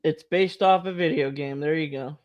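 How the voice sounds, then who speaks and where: A man's voice: fairly high pitch, moderate pace, muffled recording. A man co-hosting a casual chat show, giving short teasing replies and laughing often. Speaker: podcast co-host.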